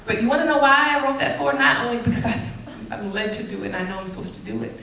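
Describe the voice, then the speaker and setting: A woman giving a candid, sassy talk about relationships to an audience, animated and often laughing. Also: fairly high pitch, fast, creaky, slight background noise. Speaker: speaker addressing an audience. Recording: very echoey, mic far off.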